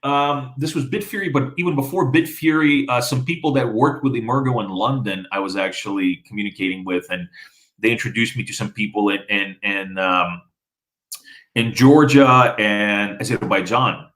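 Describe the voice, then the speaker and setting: A man from the former Soviet Union, Russian his first language, talks in a relaxed, rambling way. His voice sits on the low side. He stops and restarts often and fills gaps with "you know". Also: normal speed, low-quality recording. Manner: rambling, many fillers and restarts. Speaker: interviewee. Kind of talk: casual conversation.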